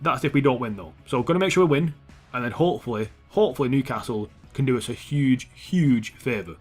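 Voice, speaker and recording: A young man commentating his own football video game match, swearing often and shouting at the players on screen. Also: medium pitch, animated, fairly quick, faint music behind. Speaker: gaming YouTuber. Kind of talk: gameplay commentary.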